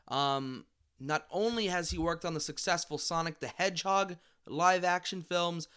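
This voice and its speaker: A man's voice: high voice, sharp tone, clean tone. A young man vlogging a casual, rambling rant and tripping over his words. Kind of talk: casual ranting commentary.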